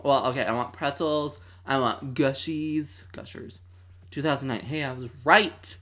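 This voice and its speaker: A streamer in their twenties hosts a movie watch-along, chatting casually and dramatically with mock outrage. Their voice sits at a medium pitch and sounds a bit bright.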